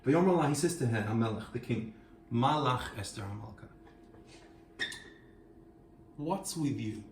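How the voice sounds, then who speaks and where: A man's voice: mid-range voice, animated, a little fast, slight background noise. A man giving an earnest, reflective talk on a scripture passage, reading Hebrew verses and explaining them. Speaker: host. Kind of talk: reflective Torah teaching. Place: kitchen. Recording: echoey room, mic at a distance.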